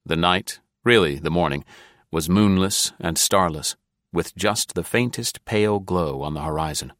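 Deep voiced guy reading an audiobook, steady and measured, super dry studio sound. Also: no echo. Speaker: audiobook narrator. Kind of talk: scripted narration.

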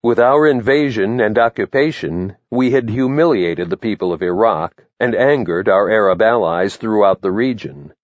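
A man reads his memoir aloud in the first person with a measured, matter-of-fact delivery. His voice sits low. The recording is dry and slightly muffled. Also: no room sound. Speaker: memoir narrator.

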